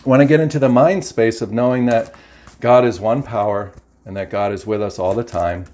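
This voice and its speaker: A man's voice: fairly low pitch, fairly even intonation, brisk, a little mellow. Enthusiastic man doing a spiritual card reading. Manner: enthusiastic, exclamatory, repeats phrases. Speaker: spiritual vlogger reading oracle cards. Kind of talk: casual spiritual talk to camera. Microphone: camera mic.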